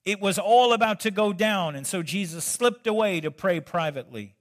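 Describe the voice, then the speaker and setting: A man's voice: sits high, lively intonation, normal speed. A male pastor preaching a sermon in a conversational way, breaking in with joking asides.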